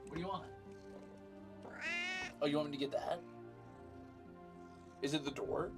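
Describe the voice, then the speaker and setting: Over music, a man with a fairly high, steady voice talks at a measured pace. It's a casual live stream from his home as he draws, full of swearing and baby-talk aimed at coaxing his cat.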